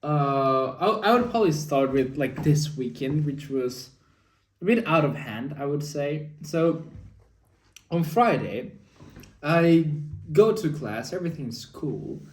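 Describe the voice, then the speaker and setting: A man's voice: on the high side, lively intonation, slow pace, far from the mic. A young man telling a long story in a casual spoken diary, rambling with lots of fillers. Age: young adult. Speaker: vlogger. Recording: echoey room, off mic.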